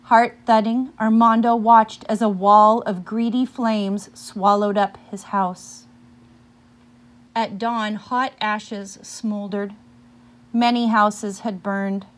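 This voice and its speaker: A woman reading a picture book aloud, pausing now and then to ask her listeners questions about the story. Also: mid-range voice, little pitch movement.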